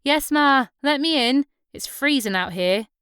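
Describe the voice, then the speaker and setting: A woman voicing Susan, a bold, chatty young local woman who talks in a brash, lively way. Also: mid-range voice, moderate pace, smooth, dry recording, studio quality, close to an everyday voice. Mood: brisk.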